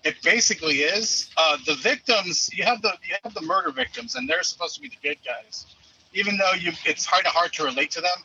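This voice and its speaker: Calling in as the show's movie reviewer, a man chats casually but hesitantly, stumbling over repeated words and swearing now and then. His voice is high, sharp, slightly rough, animated and fairly quick, and the recording is muffled.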